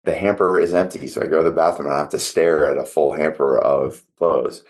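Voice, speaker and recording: Podcast host, male, middle-aged, extremely low voice, casual coaching monologue. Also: steady tone, fairly quick. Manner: conversational, self-coaching tone with asides.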